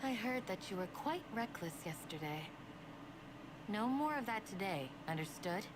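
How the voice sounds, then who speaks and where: A woman's voice: mid-range voice, animated, normal speed, close to an everyday voice. A woman voicing a firm, protective guard. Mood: scolding. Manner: firm, scolding. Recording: game audio with background noise.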